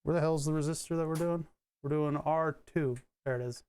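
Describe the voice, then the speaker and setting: A man's voice: on the high side, fairly even intonation, a little fast, a little mellow, clear, resonant tone. A man in his late thirties, chatting casually and joking on a live stream while he solders a circuit kit. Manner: joking, laughs often, rambling.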